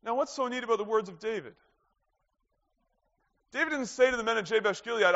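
A man's voice: extremely high pitch, brisk, long pauses, a bit bright. A man preaching a sermon, earnest, often putting questions to the congregation. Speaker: pastor. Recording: dull lo-fi sound with long hall reverb.

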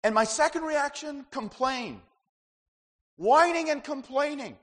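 A man preaching a sermon as pastor, swinging between loud emphasis and hushed asides. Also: extremely high pitch, expressive, unhurried, in a large hall.

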